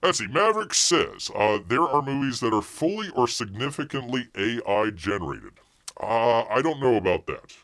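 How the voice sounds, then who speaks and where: A man's voice: mid-range voice, sing-song, normal speed, fairly bright tone. A man hosting a live stream, chatting casually, reading viewer comments aloud and rambling with repeated phrases. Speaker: live show host.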